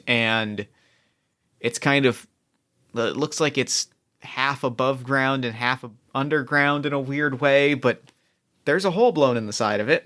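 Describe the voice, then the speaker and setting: A man's voice: mid-range voice, pushed and bright. A man narrating as game master of a tabletop game, rambling, with many restarts and fillers.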